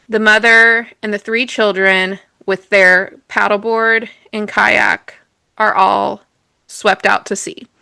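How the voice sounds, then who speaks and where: Bright, gravelly woman telling a story. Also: medium pitch, no echo. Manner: chatty, laughs often, self-correcting. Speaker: podcast co-host. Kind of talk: casual storytelling chat.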